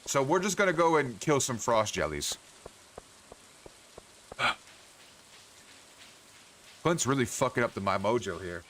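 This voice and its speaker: A man's voice: medium pitch, lively intonation, a little slow, pauses often, fairly bright tone, slight background noise. A man streaming a farming game, grumbling and swearing at the characters as he plays. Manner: profane, exasperated grumbling to himself. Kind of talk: casual gameplay commentary.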